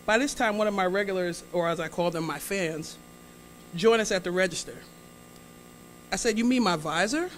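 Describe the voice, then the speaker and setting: A woman's voice: on the low side, moderate pace, pauses often, a little hiss or hum. A woman telling a comic story from a stage in a large hall, chatting with the audience, teasing them, and acting out the dialogue. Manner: chatty, teases and prompts the audience, acts out dialogue. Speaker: guest speaker telling a story.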